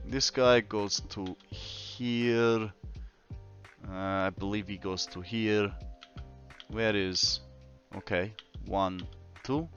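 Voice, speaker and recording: A man streaming a building game, chatting casually and slowly to his viewers while he works. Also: fairly low pitch, a bit bright, highs cut off. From Australia. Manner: slow, laid-back, talks to chat while working.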